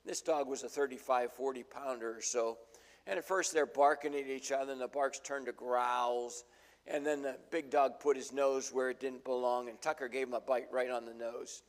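An older man preaching a sermon in a folksy, storytelling way, acting out the voices in his stories. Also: mid-range voice. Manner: folksy storytelling, acts out quotes. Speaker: pastor.

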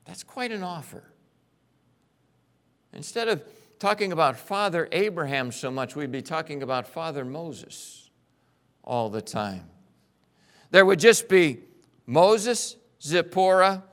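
A man preaching a sermon, telling a story dramatically and swinging between loud bursts and hushed passages. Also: a little high, lively intonation, slow, long pauses. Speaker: pastor.

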